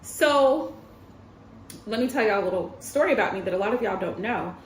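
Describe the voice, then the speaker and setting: A woman's voice: medium pitch, expressive, moderate pace, slight background noise. A woman in her thirties streaming as a tarot reader, telling a story in a chatty way, talking straight to her viewers and laughing often. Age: 30s. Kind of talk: casual livestream storytelling. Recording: roomy echo with faint ambience.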